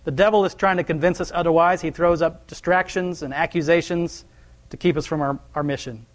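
A man's voice: fairly high pitch, steady tone, fairly quick. A young adult man preaching a sermon in a conversational, folksy way.

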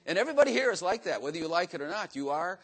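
Here a teacher or preacher with a high, husky voice races along in a very animated way. He gives a room a casual, folksy Bible teaching, chatting, joking at his own expense, and repeatedly asking his listeners questions.

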